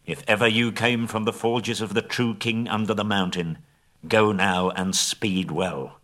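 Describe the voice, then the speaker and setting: A man's voice: on the low side, fairly even intonation, a little slow, a bit bright. A man voicing a grim, steadfast bowman. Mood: solemn. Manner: solemn, firm.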